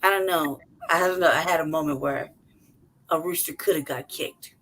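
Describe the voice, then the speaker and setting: A woman's voice: low voice, moderate pace, rough recording. Profane, laughing woman telling a story. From city-raised. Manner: profane, animated, laughs often, acts out voices. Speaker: podcast co-host. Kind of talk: casual storytelling chat.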